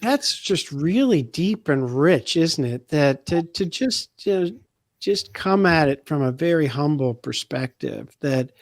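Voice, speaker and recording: A man's voice: fairly high pitch, lively intonation, measured pace, no room sound, clean studio sound. A middle-aged man hosting a call, enthusiastic and affirming as he responds. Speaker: host.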